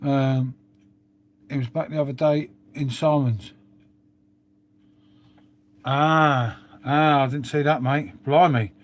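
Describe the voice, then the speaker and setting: A man's voice: mid-range voice, fairly even intonation, slow pace, pauses often. A middle-aged man with a London accent, hosting a casual live stream and rambling on with plenty of swearing and "mate". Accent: London English. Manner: rambling, swears, frequent "mate" and tag questions. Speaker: livestream host. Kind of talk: casual chat to live viewers.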